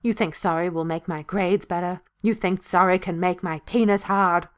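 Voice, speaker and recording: A woman's voice: lowish voice, steady tone, moderate pace, clean tone. Woman reading game dialogue with crude jokes. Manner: crude jokey ad-libs, laughing between lines. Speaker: let's play host voicing all characters. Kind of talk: comedic game dialogue read-aloud.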